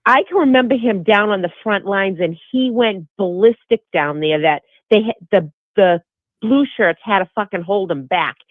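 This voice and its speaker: A woman calling into a show, telling a story in an animated, profane way. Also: mid-range voice, normal speed, no echo. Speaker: caller. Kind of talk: casual phone call. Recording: tinny phone line.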